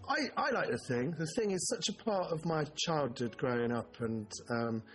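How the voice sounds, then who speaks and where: A man's voice: a little high, animated, moderate pace, faint music behind. A man co-hosting a podcast in casual film chat, rambling and interrupting himself, now and then swearing. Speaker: podcast co-host.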